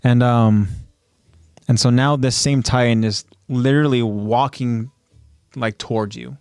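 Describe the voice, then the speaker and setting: A man's voice: medium pitch, fairly even intonation, a little slow, darkish tone, clean tone, dry recording, studio quality, soft background music. A man co-hosting a casual podcast, retelling scenes step by step and then talking loosely about them. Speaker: podcast co-host. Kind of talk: casual podcast chat recapping an anime episode.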